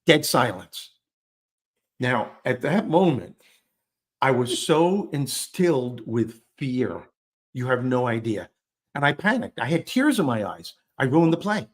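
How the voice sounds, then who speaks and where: A man telling a funny childhood story in a relaxed interview, self-deprecating and animated, acting out the lines he quotes. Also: mid-range voice, measured pace. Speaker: guest storyteller. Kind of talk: conversational storytelling.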